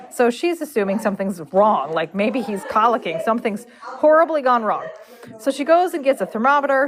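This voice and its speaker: A woman hosting a live stream, telling a story in a chatty, animated way and acting out both sides of the dialogue, recorded in a barn. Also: fairly high pitch. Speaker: horse braider and live-stream host.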